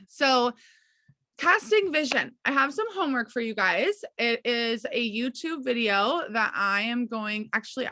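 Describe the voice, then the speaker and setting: Bright, upbeat woman coaching on a video call. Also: on the high side, no room sound. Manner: encouraging, chatty, many fillers and "okay, you guys". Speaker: team coach leading a mentoring call.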